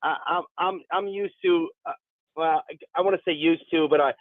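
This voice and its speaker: A man calling in to a radio show, talking haltingly and repeating words as he makes his point. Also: on the high side, fairly even intonation, dry recording. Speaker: caller. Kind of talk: call-in opinion. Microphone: telephone. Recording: tinny phone line.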